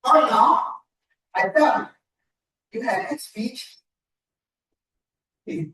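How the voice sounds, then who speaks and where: A woman giving a measured, encouraging speech evaluation at a club meeting. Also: a little high, expressive, a bit bright. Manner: measured, encouraging feedback with pauses. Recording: echoey room from far off.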